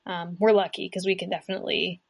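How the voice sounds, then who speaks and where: A young adult woman chatting as a guest musician, relaxed and rambling, with lots of fillers and restarts over a remote call setup. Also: on the low side, fast, gravelly, slightly rough. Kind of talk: casual chat.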